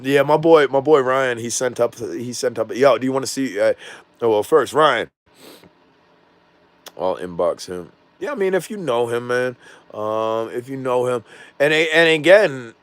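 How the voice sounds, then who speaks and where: A man's voice: medium pitch, fairly bright tone, dry recording. A middle-aged man with a Southern US accent, hosting a casual drone livestream in a loose, rambling way with frequent laughs. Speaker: drone channel host.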